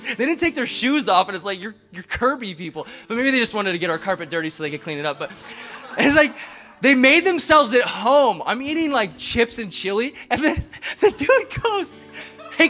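A male pastor preaching a sermon through an animated, chuckling story full of "like" fillers. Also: very high-pitched, normal speed.

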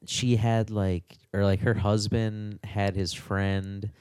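A man's voice: on the low side, flat delivery, slow, a little mellow, clean tone, no echo. A young man in casual podcast chat, laid-back and rambling, saying "dude" and "like" a lot.

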